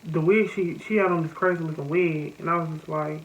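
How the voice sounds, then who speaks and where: A woman's voice: sits low, a little fast. Young Southern American woman telling a story. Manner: animated, addresses viewers as y'all. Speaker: vlogger. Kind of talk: casual storytime chat. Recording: slightly muffled with faint noise.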